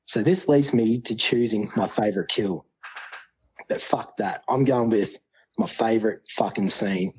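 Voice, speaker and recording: A man's voice: lowish voice, a little slow, darkish tone, breathy edge, poor audio. A man with an Australian accent, calling in to a podcast and giving a casual, swear-laden review. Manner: laid-back, swears freely, chummy slang. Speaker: caller. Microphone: phone call.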